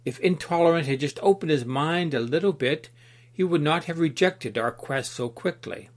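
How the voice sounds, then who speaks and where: Man reading as earnest young seeker, storybook allegory, measured delivery. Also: fairly high pitch, pitched above the performer's own voice, lightly acted.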